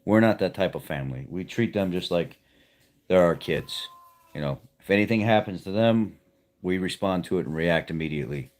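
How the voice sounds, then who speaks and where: A man's voice: sits low, expressive, moderate pace, a little mellow. A man hosting a livestream from home, telling a rambling, heartfelt story to his viewers in a casual, folksy way. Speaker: livestream host. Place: at home with pets nearby.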